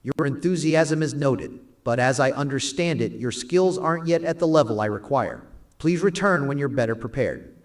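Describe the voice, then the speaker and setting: A man's voice: medium pitch, expressive, moderate pace, natural voice. Synthetic voice doing a courteous fantasy quest-giver man. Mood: formal. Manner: formal, courteous phrasing. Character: polite male quest-giver in a fantasy MMO.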